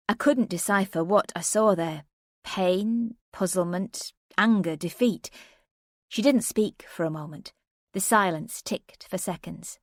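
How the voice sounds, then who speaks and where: A woman narrating a first-person thriller audiobook in a measured, tense way on a close studio mic. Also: lowish voice, dry recording.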